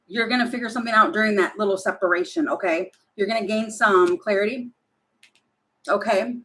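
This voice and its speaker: A woman's voice: on the high side, sharp tone, low-quality recording. A woman giving tarot readings on a live stream, chatty and apologetic, thinking aloud as she goes. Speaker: tarot reader.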